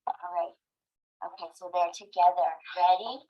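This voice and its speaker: A woman teacher in a classroom, slowly and patiently guiding children through words. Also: lowish voice, steady tone. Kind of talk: small-group classroom instruction. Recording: muffled classroom video.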